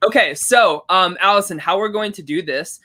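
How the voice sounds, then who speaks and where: A woman with a sharp, bright tone hosts a casual chat. She giggles often and stumbles through fillers and restarts. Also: lowish voice, moderate pace. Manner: giggly, hesitant, filler-heavy. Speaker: podcast host.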